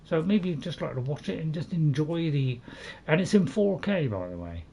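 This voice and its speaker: A man runs a casual let's-play on his gaming channel, rambling, admitting he waffles, and chatting with viewers in the chat as he plays. His voice is on the high side with lively intonation, creaky and mellow, at normal speed, with a little hiss or hum in the background.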